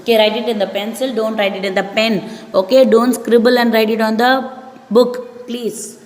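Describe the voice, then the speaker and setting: A woman teacher with an Indian English accent giving an English lesson to pupils, repeating each word slowly and explaining it. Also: fairly high pitch, level tone. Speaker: schoolteacher. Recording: echoey room, long reverb.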